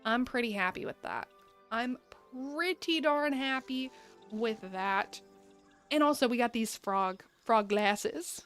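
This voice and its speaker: With faint music behind her, a female gaming streamer speaks at a measured pace in a slightly high, bit bright voice. Her casual commentary rambles, full of laughter and remarks to her viewers.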